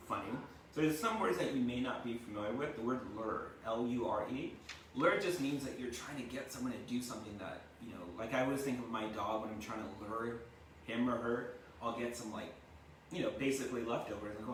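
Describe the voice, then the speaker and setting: A man's voice: mid-range voice, fairly quick, fairly bright tone, slight background noise. A male teacher reading a storybook aloud to his class, chatting and explaining words and often asking "right?". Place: home kitchen. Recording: echoey room, mic far off.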